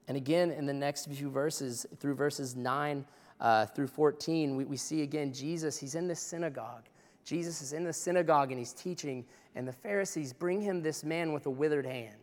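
A man's voice: on the high side, normal speed, big-room sound. A male pastor preaching a sermon in a church in a conversational, impassioned way.

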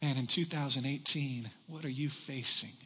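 A man preaching a sermon in a church, animated and joking with the congregation as he goes. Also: mid-range voice, normal speed, husky, long reverb tail. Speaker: pastor. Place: church hall.

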